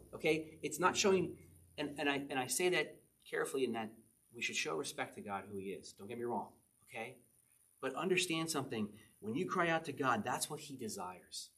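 A middle-aged man, a pastor, preaching a conversational sermon and often checking in with his listeners with a quick "okay?". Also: mid-range voice, expressive, sharp tone. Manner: conversational, chatty preaching with frequent "okay?" asides.

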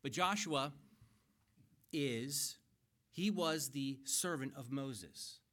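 A man's voice: mid-range voice, extremely slow, fairly bright tone. A middle-aged man preaching a sermon to his church, earnest and conversational, building emphasis as he explains scripture. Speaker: pastor. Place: church sanctuary.

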